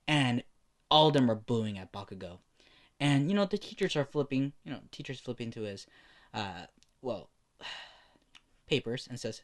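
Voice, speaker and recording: A man's voice: medium pitch, expressive, normal speed, pauses often. A man casually narrating a fan story, rambling with many fillers and the odd curse. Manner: rambling, full of "you know" fillers and swearing.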